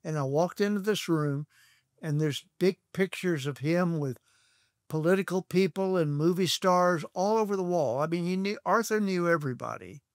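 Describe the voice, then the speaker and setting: An older man from Texas, a guest on an interview show, telling stories from his past in an unhurried, anecdotal way. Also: sits high, no room sound, studio quality. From Texas, USA. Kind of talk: reminiscing storytelling.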